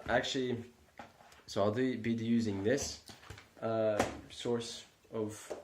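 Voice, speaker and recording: Young guy vlogging, kinda low voice, rambles a lot, echoey room. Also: fairly even intonation, slow pace, noisy background. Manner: rambling, self-deprecating, many fillers. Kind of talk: casual vlog talk.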